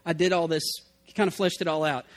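Middle-aged male pastor, high voice, conversational sermon delivery. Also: steady tone, a little fast. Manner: conversational, acts out quoted excuses.

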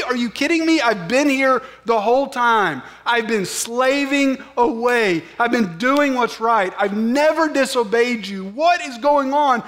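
A man's voice: very high-pitched, bright, forceful tone, pitched above the performer's own voice, full character voice. A man voicing a resentful older brother who exasperatedly demands to know why his wayward sibling gets a party. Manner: exasperated, rising rhetorical questions. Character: resentful older brother, indignant grown son.

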